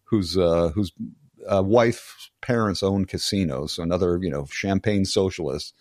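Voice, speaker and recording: Low-voiced, blunt, profane older man. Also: normal speed, a little mellow, no room sound, clean studio sound. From United States. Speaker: guest. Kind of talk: casual conversational interview.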